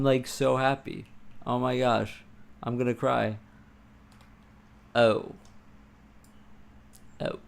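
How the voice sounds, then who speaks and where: A man livestreaming while he codes, muttering to himself, swearing and breaking into excited bursts, with keyboard typing behind him. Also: medium pitch, creaky. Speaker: livestreamer coding a game. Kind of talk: casual live-coding stream talk.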